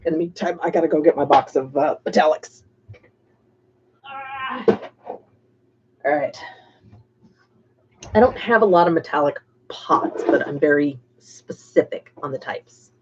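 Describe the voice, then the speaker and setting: A chatty woman hosting a painting livestream, talking casually to her viewers and calling some of them by name. Her voice sits a little low for a woman. The stream audio sounds dull and lo-fi. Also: sing-song, a little slow, long pauses, background noise. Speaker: livestream host painting miniatures.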